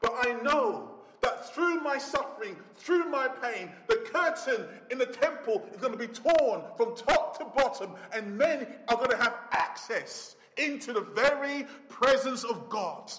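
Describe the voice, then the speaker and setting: A man preaching a sermon in a church, dramatic, swinging between shouts and hushed low phrases. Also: expressive, unhurried, few pauses. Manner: dramatic, rising to shouts and dropping to near whispers. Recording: echoey church hall.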